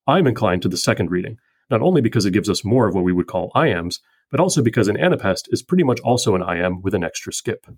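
A man hosting a podcast who reads a scripted poetry analysis in a measured, methodical way. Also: on the low side, expressive, breathy edge, dry recording. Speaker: podcast host.

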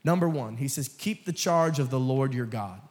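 A young man preaching a sermon, dropping to quiet, joking asides and then rising to loud, emphatic calls to the congregation. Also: mid-range voice, animated, moderate pace, long reverb tail. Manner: jokes with the congregation and laughs. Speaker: guest preacher. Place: church sanctuary.

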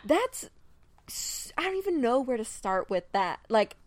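Woman doing a rambling co-host, close dry mic, mid pitch. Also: sing-song, a little slow, dry recording. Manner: rambling, lots of "like", acts out quotes. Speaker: podcast co-host. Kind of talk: casual chat reviewing a book.

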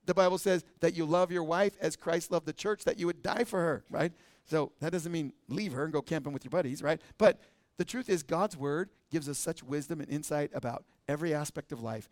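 A man's voice: on the high side, a little fast, darkish tone, no echo, studio quality. A middle-aged man with an American accent preaching a sermon as pastor, talking in a conversational way and often checking with "right?".

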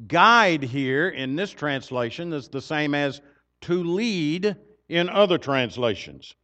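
A male preacher giving a sermon in a measured, deliberate way with long pauses. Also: on the high side, fairly bright tone, highs cut off.

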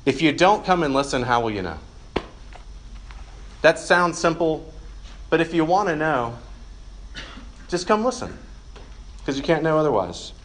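A man's voice: on the high side, sing-song, a little slow, pauses often. A man preaching to college students as a campus minister, earnest and conversational, speaking in a meeting room. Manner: earnest and conversational, drops to soft prayer.

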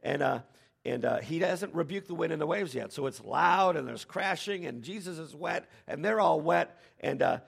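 A man preaching a sermon as pastor, animated, with dramatic quoted lines. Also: fairly high pitch, moderate pace, gravelly, slightly rough.

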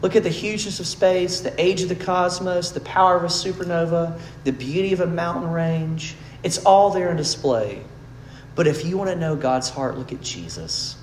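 A man's voice: fairly high pitch, normal speed. Earnest male preacher in a roomy hall. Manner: earnest, rises to emphatic peaks then drops soft. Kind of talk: sermon. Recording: roomy hall sound with faint background noise.

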